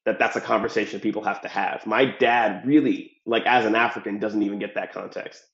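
A man in a casual monologue, talking bluntly and profanely, rambling with fillers. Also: on the low side. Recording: roomy, dull lo-fi sound.

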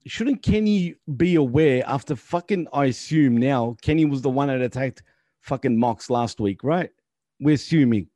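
A man's voice: mid-range voice, animated, moderate pace, dark tone, no room sound. A man co-hosting a casual wrestling chat, ranting and swearing in exasperation. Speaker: podcast co-host.

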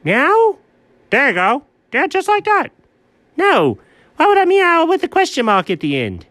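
A man voicing Alfred, an excitable, fussy cat who gets flustered and objects to everything in a comedy sketch. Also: no room sound, exaggerated voice. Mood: indignant. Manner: squeaky, indignant, quick to object. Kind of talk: comedic two-character sketch.

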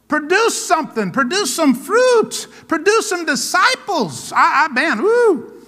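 A man's voice: very high voice, big pitch swings, unhurried, bright, forceful tone, in a large hall. A pastor preaching a sermon, emphatic and calling out to his congregation for answers. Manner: emphatic call-and-response preaching.

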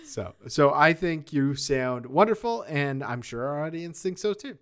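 Chatty animated male podcast co-host. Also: fairly high pitch, a little slow, smooth, soft background music. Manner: animated, laughs often. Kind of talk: casual chat.

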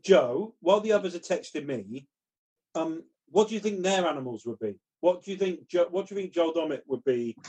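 A man's voice: fairly high pitch, expressive, a little fast, a little mellow, breathy edge. A man hosting a comedy quiz over a video call, reading out answers with playful mock drama. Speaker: quiz host.

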